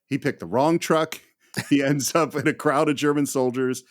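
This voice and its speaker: A man co-hosting a casual film podcast, retelling scenes with profane enthusiasm. He is recorded dry and close, with no room sound, and speaks at a middle pitch. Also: normal speed, no room sound. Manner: animated, profane retelling with laughs. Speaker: podcast co-host.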